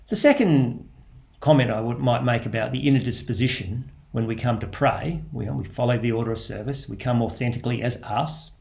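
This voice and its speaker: A man with an Australian accent, a priest giving a gentle spoken reflection on prayer, repeating key phrases and restarting as he thinks aloud. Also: mid-range voice, vocal fry.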